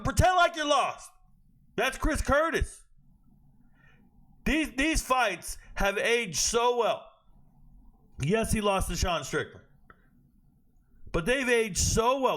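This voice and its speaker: A young man hosting a fight prediction talk, brash and animated, full of slang and trash talk. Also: high voice. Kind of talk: casual sports commentary.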